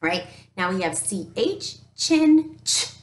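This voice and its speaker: A woman teacher giving a recorded phonics lesson to young children, upbeat and encouraging, sounding out each letter slowly. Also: fairly low pitch, sing-song, fairly bright tone. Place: home teaching space with an easel. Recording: echoey room.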